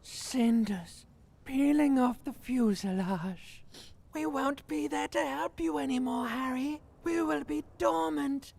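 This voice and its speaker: A woman voicing the limbic system in a video game, speaking in a slow, insinuating, eerie way with a raspy, hoarse whisper of a voice. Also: high voice, darkish tone, exaggerated voice. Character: limbic system, hissing, needy, sorrowful.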